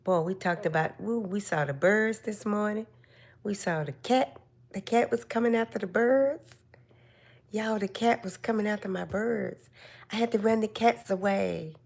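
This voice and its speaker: An older woman hosting a casual live stream chat, giving slow, gentle, motherly advice to her viewers. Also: medium pitch, vocal fry.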